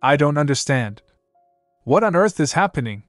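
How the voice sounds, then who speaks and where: A man reads a pathetic young king, shaken and indignant, in a storybook recap. The voice is pushed slightly higher and louder. The recording is dry and close, with faint music. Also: big pitch swings, moderate pace, dry recording. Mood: bewildered. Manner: outraged, shaken.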